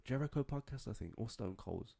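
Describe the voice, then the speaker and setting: A man's voice: mid-range voice, lively intonation, fairly quick, gravelly, mellow, slightly rough. A man co-hosting a podcast, chatting casually, swearing freely and laughing often. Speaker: podcast co-host. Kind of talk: casual chat.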